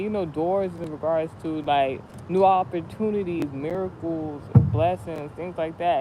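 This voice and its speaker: A man telling a rambling, animated story in a casual spiritual vlog, with many restarts, recorded outdoors near a street with passing cars. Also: sits high, background noise. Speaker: vlogger.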